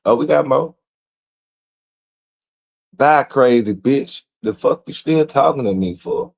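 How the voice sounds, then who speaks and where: A man's voice: mid-range voice, animated, takes it slowly, gravelly. Profane, mocking male stream host. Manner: profane, mocking, loudly incredulous. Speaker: show host. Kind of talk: streamed commentary reading out messages.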